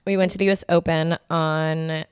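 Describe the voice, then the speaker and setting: A woman's voice: low-pitched, level tone, a little fast, clear, resonant tone, no room sound. Young female co-host, casual and talkative, casual swearing, dry mic. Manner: chatty, heavy use of "like", swears casually. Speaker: podcast co-host. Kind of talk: casual chat.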